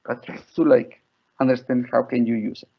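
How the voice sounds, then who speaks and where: Gravelly man teaching teachers. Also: mid-range voice, little pitch movement, a little fast. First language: Spanish. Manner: chatty, frequent "right?" and "like". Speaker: teacher trainer. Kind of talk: online teacher training webinar. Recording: dull lo-fi audio.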